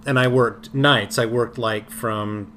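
A man telling a personal memory in a casual podcast chat, halting with many fillers and restarts. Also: mid-range voice, steady tone, pushed and bright, a little hiss or hum. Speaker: podcast co-host. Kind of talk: casual conversational storytelling.

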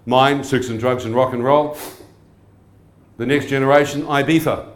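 In an echoing hall, an animated evangelist from New Zealand gives a testimony-style sermon at normal speed and medium pitch. He keeps engaging listeners by asking them questions.

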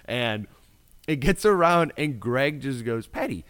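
A man, a filmmaker guest, telling lively stories in casual chat and swearing freely. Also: medium pitch, slow, clear, resonant tone. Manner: animated storyteller, swears freely.

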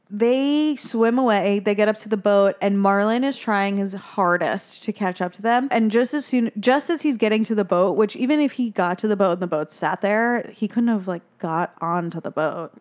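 A woman's voice: mid-range voice, normal speed. A woman co-hosting a podcast, chatting casually as she recaps a film, swearing freely and briefly acting out characters' lines. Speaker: podcast co-host.

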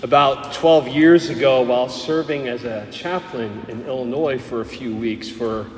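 A middle-aged man with a New Jersey accent delivers a homily from the pulpit, frank and lively, slipping humor into his stories. His voice sits in a mid register and carries into a large, echoey church with a long reverb tail. Faint ambient noise sits underneath. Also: mid-range voice, a little slow. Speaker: Catholic priest.

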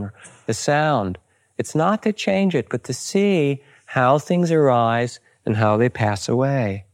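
A male meditation teacher gives a dharma talk, calm and unhurried, gently instructing and weaving in personal stories. His voice is on the high side.

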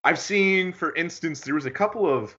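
A man's voice: a little high, normal speed, pushed and bright, lo-fi sound. A man hosting a podcast, asking rambling questions full of fillers in a casual interview. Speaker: podcast host.

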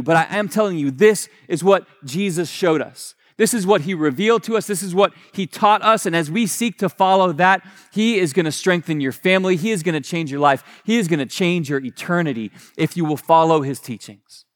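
A man's voice: high voice, brisk, few pauses. A male pastor giving a sermon in a conversational way, often restarting phrases and correcting himself, and retelling scripture in casual everyday wording. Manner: conversational preaching with frequent restarts and self-corrections.

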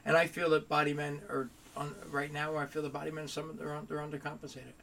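A man with a slightly higher voice tells shop stories in a loose, animated way, switching into the voices of the people he quotes. He talks casually with friends on a podcast. A faint hiss sits under his voice. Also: fast talker, creaky. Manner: animated storyteller, acts out dialogue. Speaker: body shop owner.

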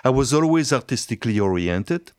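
A man in his seventies with a French accent, telling his story as a guest, chatty with halting restarts. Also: medium pitch, expressive, darkish tone, smooth, no room sound, studio quality. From France. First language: Italian and French. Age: 70s. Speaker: hairstylist guest. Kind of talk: conversational interview.

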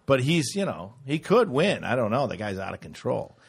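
A man telling stories in casual chat, swearing and yelling out mock impressions. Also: mid-range voice, normal speed, vocal fry, husky. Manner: animated storyteller, swears, yells in mock impressions.

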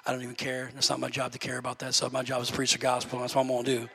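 A man preaching a sermon as pastor, telling a story and building to loud preaching. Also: mid-range voice, monotone, very fast, gravelly, breathy edge. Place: church sanctuary. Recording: long hall reverb.

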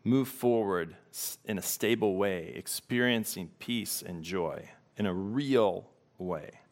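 A man preaching a sermon as pastor, reflective and unhurried, pausing to let questions sink in. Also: on the low side.

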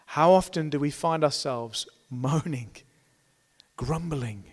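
A man preaching a sermon with a fairly high voice, earnest and full of rhetorical questions. He acts out complaining voices by pitching up. The recording carries a long hall reverb. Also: takes it slowly. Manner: earnest, rhetorical questions, voices the grumbling crowd in raised tones.

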